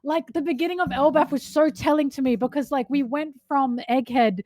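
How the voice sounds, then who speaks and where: A woman's voice: sits high, fairly quick, darkish tone, no room sound, clean studio sound. A woman co-hosting a casual fan chat, talking animatedly and emphatically with frequent laughs. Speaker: podcast co-host.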